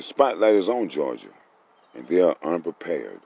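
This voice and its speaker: A man's voice: sits low, sing-song, normal speed, vocal fry, mellow, husky. A man with a Texas twang giving blunt, scornful opinion commentary. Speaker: online commentator.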